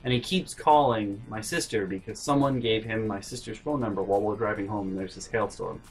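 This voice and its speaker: Male vlog host, husky voice, rambling storyteller who trails into mutters. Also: fairly low pitch, brisk, soft background music, low-quality recording. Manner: rambling, self-interrupting, drops to mutters.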